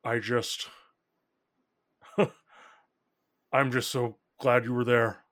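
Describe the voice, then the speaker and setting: A man voicing an excitable middle-aged father who gushes and stumbles over his words. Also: mid-range voice, extremely slow. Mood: relieved. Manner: flustered, gushing, tearful.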